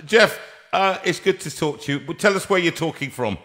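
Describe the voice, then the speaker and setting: A man's voice: on the high side, moderate pace, fairly bright tone. A man hosting a casual interview, chatting in a playful, teasing way. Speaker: host.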